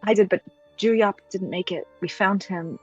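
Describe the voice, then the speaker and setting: A woman voicing an earnest young archer who speaks in a hesitant, halting way. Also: medium pitch, fairly even intonation, a little mellow, slightly rough, highs cut off, faint music behind, natural voice.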